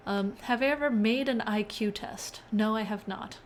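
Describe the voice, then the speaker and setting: On a casual live-coding stream, a young woman speaks at normal speed in a mid-range voice, a little hiss or hum in the background. She's chatty, often laughing and reading her viewers' messages aloud.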